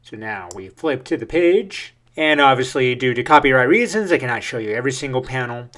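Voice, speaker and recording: Man, manga reaction host, casual commentary, excitable, filler-heavy, medium pitch. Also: brisk. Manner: excitable, hyped, lots of uh fillers.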